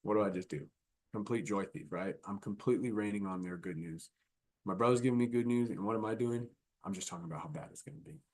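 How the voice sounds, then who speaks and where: A man's voice: fairly low pitch, quick pace, a little mellow. A man giving a conference talk in a conversational style, often checking in with his audience by asking "right?". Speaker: keynote speaker. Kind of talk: conference talk with acted examples.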